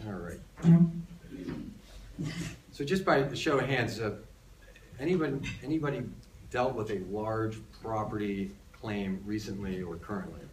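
A man's voice: lowish voice, unhurried, long pauses, background noise. Man telling a story at a conference. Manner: animated storyteller, rhetorical questions. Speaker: presenter. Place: restaurant function room. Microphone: phone on tripod across the room. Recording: distant phone recording.

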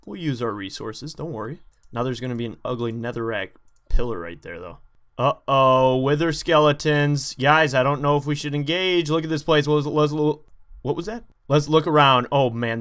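An excitable man narrates his own gameplay to viewers in a jumpy, chatty let's play style. His voice sits at an ordinary pitch. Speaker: gaming channel host.

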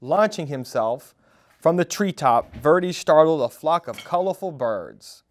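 A man reading a children's storybook aloud at a storytime, in an expressive, animated way. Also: fairly high pitch, measured pace. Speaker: storytime reader.

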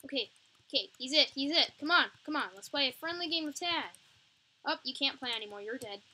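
A woman's voice: high-pitched, lively intonation, fairly quick, sharp tone, a little hiss or hum. A young woman commenting on a zombie video game as she plays, taunting the enemies in a playful way. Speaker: gamer. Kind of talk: gameplay commentary.

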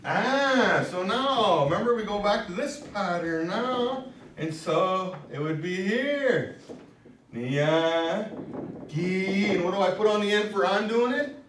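Speaking slowly in a high, expressive, slightly bright voice, a man leads a classroom language lesson on vowels and word patterns, patiently quizzing his pupils. The roomy classroom was recorded from a distance, with slight background noise.

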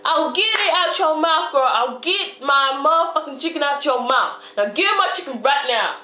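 A woman's voice: high-pitched, expressive, moderate pace, sharp tone, echoey room, voice pushed up. A woman playing a sassy, streetwise young woman who is brash and threatening. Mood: angry threatening.

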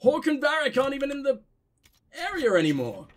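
A flustered man talks through a tough fight while playing, swearing casually as things go wrong. His speaking voice sits high for a man. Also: wildly swooping pitch, a little fast. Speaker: gaming channel host. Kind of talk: gameplay commentary.

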